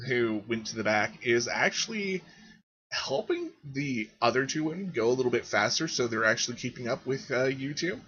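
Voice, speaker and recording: A man runs a tabletop game, describing each scene and calling for rolls. His voice is bright and forward. The recording sounds dull and lo-fi. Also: mid-range voice, slightly rough. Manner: descriptive, addresses players directly. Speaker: game master.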